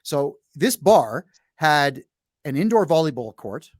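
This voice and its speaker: A brash middle-aged man with a slightly high, very animated voice hosts a podcast, bluntly telling a long story in casual chat. He speaks slowly, restarting often and using many fillers. The sound is studio quality with no room sound.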